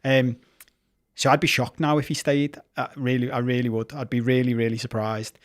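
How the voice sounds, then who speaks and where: A man's voice: medium pitch, little pitch movement, normal speed. A man co-hosting a football podcast in casual chat, talking with heated passion, swearing freely and restarting his sentences. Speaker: podcast co-host.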